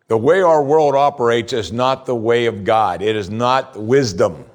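Here a male preacher delivers a sermon earnestly, his voice rising as he stresses each point. When he turns to scripture, he slows down.

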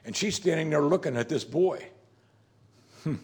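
A man's voice: a little high, moderate pace, gravelly. Conversational male pastor preaching. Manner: conversational, emphatic, repeats "you see". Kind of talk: sermon.

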